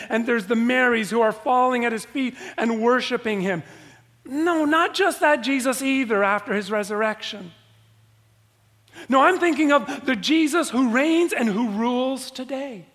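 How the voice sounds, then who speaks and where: A man preaching a sermon as a pastor, emphatic, repeating key phrases with dramatic pauses. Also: extremely high pitch, a bit bright, in a large hall.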